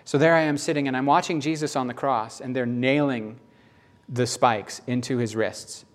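Emphatic male preacher, mid-pitched. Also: steady tone, moderate pace. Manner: emphatic, repeats phrases, swings between loud and hushed. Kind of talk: sermon.

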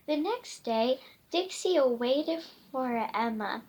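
A woman reading a picture book aloud, halting and often stumbling and restarting. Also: on the high side, a bit bright. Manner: halting, with frequent slips and restarts.

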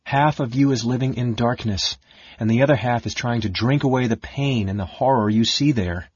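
Man reading a firm young wife, quiet steady earnest tone, husky voice, dull lo-fi sound. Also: mid-range voice, moderate pace, lightly acted. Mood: gentle. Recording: dull lo-fi dry audiobook recording.

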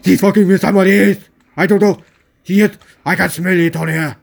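A man's voice: high voice, steady tone, a little fast, vocal fry, voice pushed up. Man voicing a snarling paranoid cocaine-crazed guy. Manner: snarling, shouting accusations.

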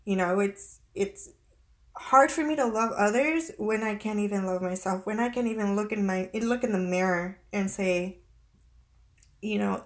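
A woman in her thirties speaks to her viewers in a confessional vlog. Her voice sits at an ordinary middle pitch. She talks in a halting way, close to tears, and often stops to restart her sentences. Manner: halting and tearful, many restarts and fillers. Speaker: vlogger.

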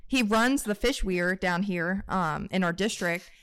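A woman with a West Virginian accent co-hosts a podcast, chatting casually and telling rambling stories full of laughter and swearing. Her medium-pitched voice is a bit bright and clean, with no echo, and she keeps a measured pace.

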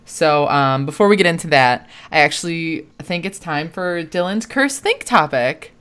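A woman hosting a casual podcast chat, relaxed and full of fillers and hummed pauses. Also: sits low, clear, resonant tone. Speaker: podcast host.

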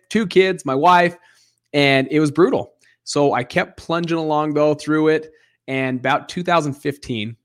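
A man in his thirties, an interview guest who tells his story in a lively way and acts out the other voices. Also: mid-range voice. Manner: animated storyteller acting out dialogue. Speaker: guest, real estate investor.

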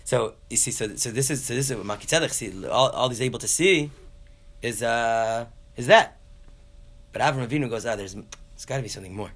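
A man telling a story in a casual Torah class, acting out the characters in a folksy, animated way. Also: mid-range voice, moderate pace. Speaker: Torah teacher.

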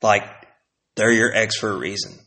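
A man's voice: fairly low pitch, moderate pace, pushed and bright. A man talking in a casual, profane monologue, rambling through rants and stories and acting out other people's voices. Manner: profane, rambling storytelling rant.

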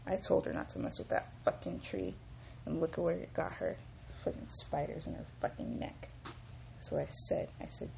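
A young woman hosting a casual solo podcast, telling stories in a profane, animated way and acting out what people said. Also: sits low, moderate pace, gravelly, slight background noise. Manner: profane, animated storytelling with quoted voices. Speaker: podcast host.

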